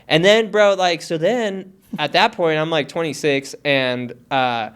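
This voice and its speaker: A man from Hawaii speaks with a raised, smooth and resonant voice. He is a podcast guest who tells his stories casually and swears freely. He acts out the voices of the people he quotes. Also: a little high, a little slow, a bit bright. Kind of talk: casual storytelling.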